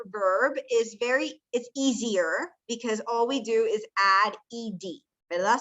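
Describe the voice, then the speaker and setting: An English teacher works through a bilingual lesson, patiently explaining each step, mixing English with Spanish, and quizzing her class. Her voice is fairly high and a little bright, and the recording is muffled.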